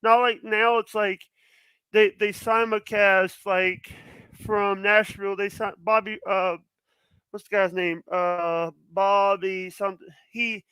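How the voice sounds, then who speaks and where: High bright-voiced man rambling on a podcast. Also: steady tone, slow pace, smooth, no room sound, rough recording. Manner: rambling, restarts often, emphatic. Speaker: podcast guest. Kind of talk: casual podcast chat.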